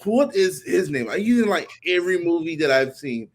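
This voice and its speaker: A man chatting casually about TV and movies in a relaxed, slangy way, with hesitant fillers. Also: high voice, normal speed. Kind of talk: casual chat.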